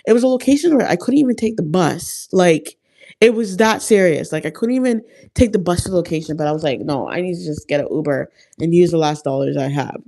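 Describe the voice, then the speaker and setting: A woman's voice: on the low side, expressive, a little fast, gravelly, mellow. A young woman chatting casually, telling a personal story full of "like" and "um" and acting out what people said. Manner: chatty, heavy use of "like" and "um", acts out quotes. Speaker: vlogger.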